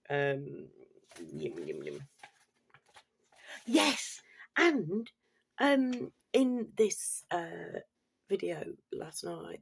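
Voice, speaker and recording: A woman's voice: on the low side, gravelly, slightly rough. A woman ranting bluntly and swearing freely, in an exasperated casual monologue. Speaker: commentator.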